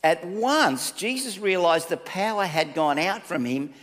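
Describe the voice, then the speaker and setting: A man giving a conversational sermon, reading scripture and telling stories with lively asides. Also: high-pitched, a little slow. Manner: conversational, animated storytelling with asides. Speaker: preacher. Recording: long reverb of a hall.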